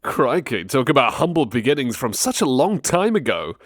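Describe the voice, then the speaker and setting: A man's voice: medium pitch, big pitch swings, normal speed, dry recording, studio quality. A man hosting an interview, upbeat and friendly with scripted introductions. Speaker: interview host.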